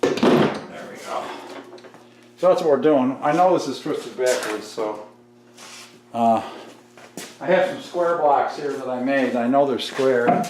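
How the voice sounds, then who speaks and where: A man's voice: mid-range voice, unhurried. Man, DIY host, casual, mutters while working; recorded off-mic in a roomy shop with noise behind. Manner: muttering to himself as he builds. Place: workshop, indoors. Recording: echoey workshop, far mic, tool noise.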